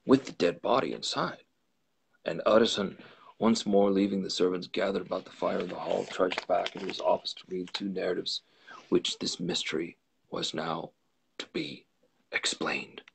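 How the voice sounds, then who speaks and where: A man hosting a storytelling show reads a classic novel aloud in a slow, deliberate way. His voice is low, with a gravelly fry and a husky edge. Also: steady tone. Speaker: storyteller host. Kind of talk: live reading of a classic novel.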